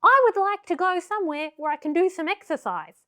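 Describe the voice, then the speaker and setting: Lisa, a squeaky excitable puppet girl, voiced by a woman. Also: fairly quick. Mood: chirpy. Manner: squeaky, bouncy and gleeful. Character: excitable little girl puppet who loves running.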